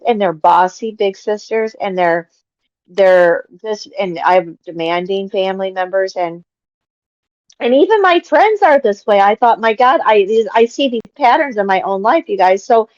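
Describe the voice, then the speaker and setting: A woman's voice: medium pitch, no echo. Affirming woman facilitator, dull dry audio. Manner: warm, affirming, addresses group as you guys. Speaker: group facilitator. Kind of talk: casual group-support chat. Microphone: video call.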